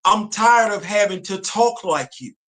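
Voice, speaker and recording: Male live-stream host, bright edgy tone, emphatic ranting commentary. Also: high-pitched, animated, unhurried. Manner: emphatic, repetitive, street slang and rhetorical questions. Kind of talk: impassioned commentary. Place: home studio on a live stream.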